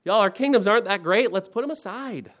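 Pastor, man in his forties, fairly high voice, preaches in repeated rising phrases. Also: lively intonation, a little fast. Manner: preaching with wide swings between soft and emphatic, repeating phrases. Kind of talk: sermon.

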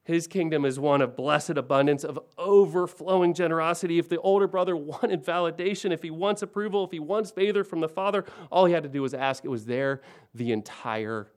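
A man in his forties preaching a sermon, swinging between hushed and emphatic lines and building on repeated phrases. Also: on the high side, fairly quick. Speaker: pastor.

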